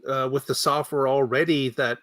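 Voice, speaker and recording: A man co-hosting a podcast, explaining his views in a measured, casual way. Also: mid-range voice, steady tone, a bit bright, no room sound. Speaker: podcast co-host. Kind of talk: casual panel chat.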